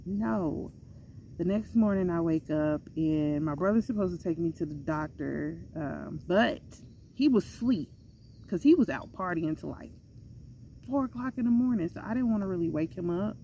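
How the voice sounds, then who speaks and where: A young adult woman telling a personal story in a chatty, animated way, slipping into other voices when she quotes people. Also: on the low side, moderate pace, slight background noise. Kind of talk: casual storytime monologue.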